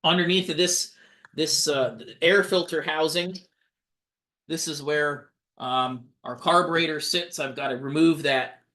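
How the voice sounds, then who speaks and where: A man's voice: on the high side, fairly even intonation, a little slow, bright, forceful tone. Hands-on man teaching engine repair. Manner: practical and encouraging, with frequent fillers; works hands-on with tools while talking. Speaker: fire service instructor. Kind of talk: live online training demonstration. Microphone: video call.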